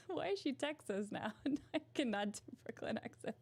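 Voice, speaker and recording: A woman's voice: fairly high pitch, animated, normal speed, darkish tone. A woman vlogger chatting casually to camera, giggly and poking fun at herself. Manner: giggly and self-mocking.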